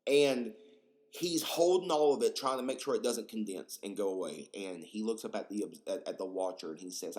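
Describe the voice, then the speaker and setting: A young man hosting a casual solo podcast, rambling and profane, excitable and full of fillers. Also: lowish voice, moderate pace. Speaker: podcast host.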